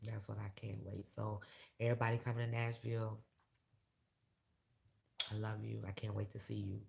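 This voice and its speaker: A woman talking candidly to her viewers in a casual vlog, emotional and blunt, swearing freely and working herself up into loud rants. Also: very deep voice, level tone, moderate pace, gravelly, very noisy. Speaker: vlogger and awards show host. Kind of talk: casual direct-to-camera vlog.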